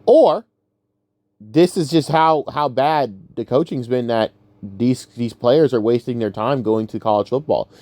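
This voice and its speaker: A man ranting casually about football, exasperated and profane, swinging from low mutters to sudden high outbursts. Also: a little slow, warm tone, no echo. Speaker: sports commentator. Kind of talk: casual sports rant.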